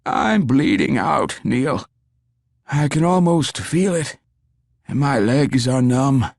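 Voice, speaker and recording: A man's voice: mid-range voice, animated, vocal fry, no echo, voice pushed up, heavily acted. A man voicing a dying, wounded older man who speaks in strained, breathless pleas in an audiobook. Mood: dying, urgent. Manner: strained, slow and breathless pleading. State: fading and breathless. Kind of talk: audiobook character voice.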